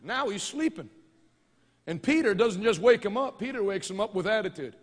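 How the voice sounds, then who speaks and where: A man preaching a fervent sermon, moving between quiet storytelling and loud, rousing declarations. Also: high-pitched, animated, moderate pace. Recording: church hall reverb.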